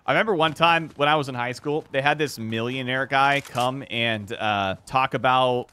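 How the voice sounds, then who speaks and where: A man giving excitable, reactive live commentary on his own gameplay, swearing freely. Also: medium pitch, normal speed, clear, resonant tone. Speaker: gaming YouTuber. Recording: game gunfire in the background. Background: video game gunfire and clicks.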